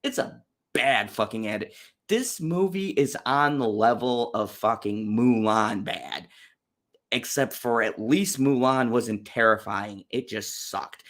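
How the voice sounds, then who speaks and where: A man's voice: mid-range voice, slow, fairly bright tone. A man hosting a casual movie-review chat, ranting bluntly and profanely with frequent fillers and restarts. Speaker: channel host reviewing movies.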